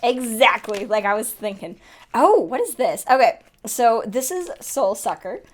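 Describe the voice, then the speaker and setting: A young woman in a casual makeup unboxing vlog, chatty and excitable, often gasping and laughing. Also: fairly high pitch, a little slow. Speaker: beauty vlogger.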